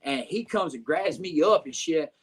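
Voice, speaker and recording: A man's voice: a little high, normal speed, breathy edge. Profane man telling a story. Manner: profane, animated retelling with lots of filler phrases. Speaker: podcast guest. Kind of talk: casual storytelling.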